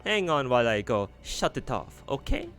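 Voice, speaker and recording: A man's voice: mid-range voice, big pitch swings, normal speed, fairly bright tone, soft background music, voice pushed up. A man voicing a campy, flamboyant, cheerful man with a put-on Italian accent that drifts toward Russian, reading game dialogue aloud. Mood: teasing.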